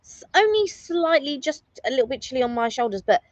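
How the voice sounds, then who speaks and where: A woman's voice: sits high, big pitch swings, brisk, no echo, highs cut off. A woman co-hosting a live stream, chatting casually and teasing her partner.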